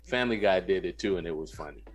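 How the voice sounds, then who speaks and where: A man's voice: low voice, quick pace. A man co-hosting a podcast, chatting casually and stating his opinions emphatically. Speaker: podcast co-host. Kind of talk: casual chat.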